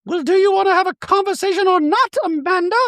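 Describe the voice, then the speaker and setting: A man doing a comedic impression of a haughty, defensive rich woman in a shrill falsetto, mocking her. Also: fairly even intonation, fast, a bit bright, no echo, studio quality. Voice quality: high falsetto. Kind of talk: comedic impression in podcast recap.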